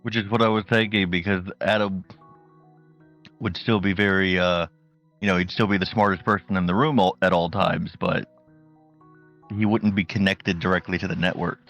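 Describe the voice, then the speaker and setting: A man playing a tabletop game, thinking out loud with fillers. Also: low voice, fairly even intonation, moderate pace, muffled recording, faint music behind. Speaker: player. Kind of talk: casual chat at a tabletop game.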